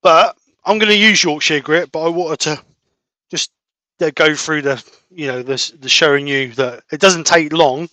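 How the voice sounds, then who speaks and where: A man explaining woodturning steps on a live stream, steady and step-by-step. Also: on the high side, moderate pace, dry recording, poor audio. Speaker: woodturning demonstrator. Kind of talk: live-stream turning demo.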